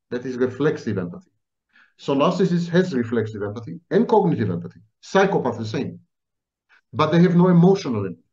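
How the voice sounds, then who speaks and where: A man lecturing through his answers, his pitch swooping up and down as he repeats key words for emphasis. The recording is muffled and lo-fi, and his voice sits at an ordinary middle pitch. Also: a little mellow. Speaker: interview guest explaining psychology. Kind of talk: explanatory interview answers. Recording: dull lo-fi sound.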